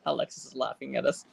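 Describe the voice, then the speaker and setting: A woman with a very deep voice and vocal fry hosts a live stream amid heavy noise, opening card packs and rattling off running totals of card values. She chats casually with viewers, cheering and bantering with the chat.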